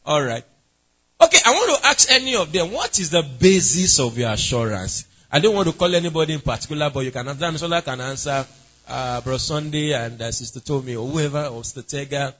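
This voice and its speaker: A man's voice: a little high, lively intonation, brisk, fairly bright tone, highs cut off. A man preaching an interactive sermon, asking the congregation questions and calling on members by name. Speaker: pastor.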